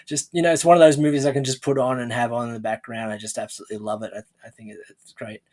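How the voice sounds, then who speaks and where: A man's voice: mid-range voice, little pitch movement, racing, a little mellow. A man hosting an interview podcast, chatting casually and rambling with restarts and laughs. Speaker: podcast host.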